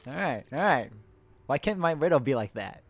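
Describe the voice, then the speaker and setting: A man hosts a playthrough of a co-op puzzle game, reading the in-game letters in a plain, casual way and stopping between them to laugh and chat with a friend. He speaks at medium pitch and normal speed, expressively.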